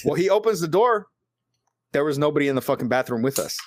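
A man hosting a podcast, telling stories in a casual, animated way and swearing constantly. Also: a little high, quick pace, dry recording, studio quality. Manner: animated, heavily profane. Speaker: podcast host. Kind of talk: casual storytelling chat.

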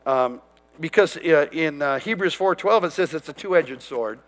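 A man's voice: on the high side, lively intonation, measured pace, a bit bright, big-room sound. A man preaching a sermon, quoting and declaring scripture with emphatic conviction. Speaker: pastor.

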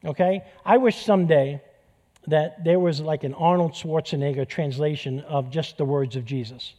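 Middle-aged pastor, light-voiced, joking. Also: male voice, on the high side, moderate pace, warm tone. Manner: conversational preaching with jokes and repeated phrases. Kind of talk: sermon. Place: church.

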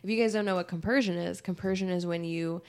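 A woman's voice: on the low side, fast talker, clear, resonant tone. Chatty woman co-hosting a podcast. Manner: chatty, animated, swears casually, acts out quotes. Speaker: co-host. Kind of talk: casual podcast chat.

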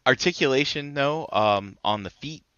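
A man hosting a casual toy review chat, relaxed and rambling with lots of fillers. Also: mid-range voice, normal speed, clean tone, no room sound, dull audio. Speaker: host.

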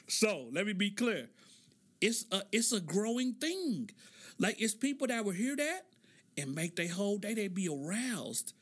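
A man's voice: high voice, animated, takes it slowly, long pauses, slightly rough. A middle-aged man hosting a podcast, telling jokey stories in a loose, casual monologue. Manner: joking, loose storytelling with laughs. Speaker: podcast host.

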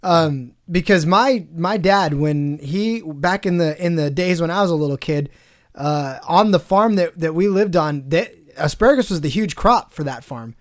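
A man's voice: a little high, normal speed. A man co-hosting a podcast, talking with folksy enthusiasm and lots of fillers. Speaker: podcast co-host. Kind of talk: casual chat.

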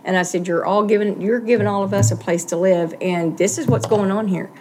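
A woman's voice: mid-range voice, fairly even intonation, fairly quick, mellow, a little hiss or hum. A middle-aged woman, earnestly telling a personal story in an interview and acting out the voices she quotes.

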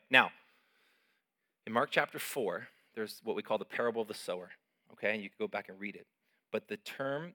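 A middle-aged man preaching a sermon as pastor, emphatic and animated, with sudden loud peaks. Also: lowish voice.

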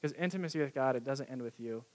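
A young man preaching a sermon in a casual, excited, conversational way, with many fillers. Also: mid-range voice, fast talker.

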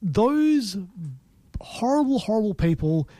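A man's voice: high voice, sing-song, slow, dark tone, dry recording. A man co-hosting a podcast, chatting casually about films in a rambling way, with many restarts and fillers. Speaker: podcast co-host. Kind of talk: casual film review chat.

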